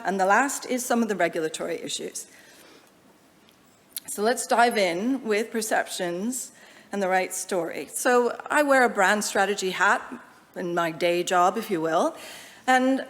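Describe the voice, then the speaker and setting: A woman with an American accent giving a conference presentation, lively and shifting between slow and fast delivery. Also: mid-range voice. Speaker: conference speaker. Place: lecture hall. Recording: long reverb of a large hall.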